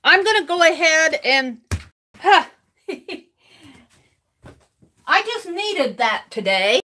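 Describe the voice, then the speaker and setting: An older woman live-streams her crafting from her home craft room, chatting casually, reading viewers' comments aloud and laughing often. Her voice is very high-pitched and sharp, with big pitch swings, and she speaks slowly.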